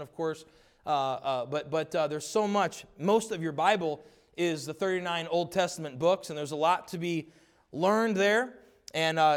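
High-voiced preacher, emphatic and earnest. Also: male voice, a bit bright. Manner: earnest, emphatic preaching with slow stressed repetitions; acts out quoted dialogue in changed voices. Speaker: pastor. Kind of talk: sermon.

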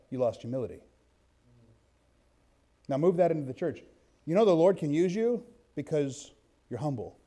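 A man preaching in a church, his voice set a little high for a man but mellow and warm in tone. He mixes loose, rambling personal stories with steady readings of scripture. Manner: conversational storytelling, reads scripture aloud. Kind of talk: sermon.

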